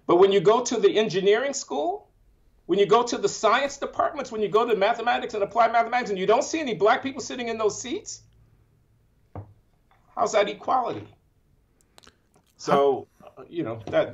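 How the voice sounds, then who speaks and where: A man's voice: high voice, expressive, brisk, long pauses, lo-fi sound. An older man, an economics professor, answering interview questions emphatically, with building repetition and open feeling.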